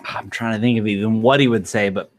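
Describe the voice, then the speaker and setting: A man talking as a player at a tabletop game, relaxed and thinking aloud. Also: fairly low pitch, fast talker. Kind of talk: casual chat at a game table.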